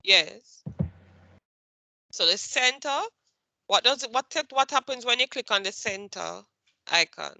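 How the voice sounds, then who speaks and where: A woman teaches a computer class in a bright, forceful voice, recorded close and dry. She questions her students patiently and repeats each point until it lands. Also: a little high, expressive, a little slow, creaky, long pauses, dry recording.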